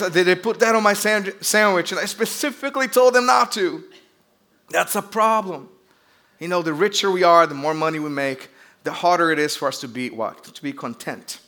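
A man's voice: on the high side, fairly bright tone. A man from Brazil with a Brazilian accent, preaching a sermon as pastor in a chatty, joking storytelling way with call-outs to the audience.

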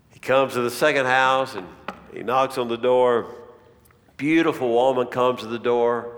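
A man's voice: medium pitch, fairly even intonation, measured pace, a bit bright. A man preaching a sermon as a dramatic story, narrating with a storyteller's pacing. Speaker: pastor. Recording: long reverb in a large hall.

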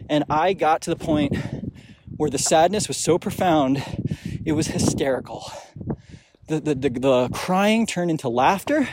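A young man hosting a podcast, telling a deeply personal story in a reflective, emotional way with frequent restarts. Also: darkish tone, a little hiss or hum. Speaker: podcast host. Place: outdoors on a snowy mountain.

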